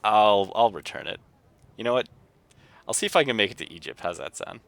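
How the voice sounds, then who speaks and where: A man's voice: lowish voice, very animated, fairly quick, creaky, fairly bright tone. A man livestreaming a game, reading its text aloud and chatting casually with viewers. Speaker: streamer.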